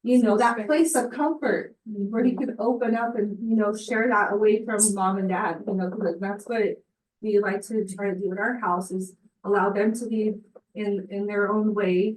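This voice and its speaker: A woman's voice: medium pitch, recorded from a distance. Mother telling a story from across an echoey room. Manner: earnest, many "you know"s. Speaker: parent. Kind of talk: sharing a personal story.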